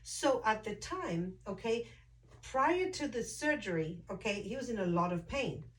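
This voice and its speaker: A woman chatting casually as a host, telling a family story with lively acted-out quotes. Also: fairly high pitch, unhurried, recorded from a distance, low-quality recording. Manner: animated storyteller, acts out quoted voices. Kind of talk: casual chat.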